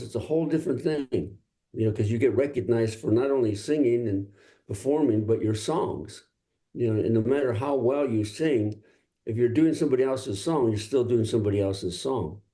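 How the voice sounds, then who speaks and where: An older male singer-songwriter from Los Angeles, telling stories in a relaxed interview and laughing often. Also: mid-range voice, moderate pace. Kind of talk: casual interview talk.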